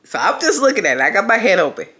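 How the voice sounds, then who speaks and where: Lively profane woman storyteller, bright voice. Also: mid-range voice, rapid-fire. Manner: animated, profane, laughing through the story. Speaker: storytime vlogger. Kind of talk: casual storytelling.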